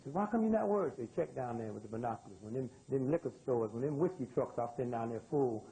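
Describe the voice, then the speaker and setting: Animated older man teasing a crowd. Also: medium pitch, fast talker, a little hiss or hum, low-quality recording. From United States. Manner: animated, teasing, streetwise banter with the audience. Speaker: speaker addressing a live audience. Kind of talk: humorous lecture to a crowd.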